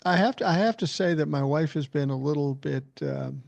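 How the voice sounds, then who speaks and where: A man's voice: fairly high pitch, expressive, a little fast, creaky, darkish tone, no echo, lo-fi sound. A man hosting a podcast, telling blunt, profane stories in casual chat. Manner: blunt storyteller who swears freely. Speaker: podcast host.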